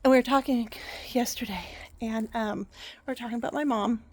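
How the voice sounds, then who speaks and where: A woman's voice: a little high, fairly even intonation, fairly quick, dry recording. A woman vlogger casually telling a fond family story, rambling and correcting herself as she goes.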